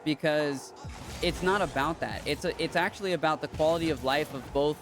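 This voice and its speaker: Male podcast host, casual gaming chat, rambly and emphatic, slightly high-pitched. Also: brisk, over music. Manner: rambling, emphatic, with restarts and swearing.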